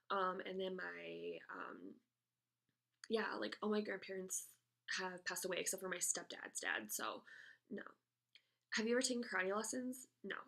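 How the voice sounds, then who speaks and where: A woman's voice: medium pitch, creaky, a bit bright. A young American woman vlogger answering tag questions in casual chat, rambling and hesitant with lots of "like" and "um". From United States.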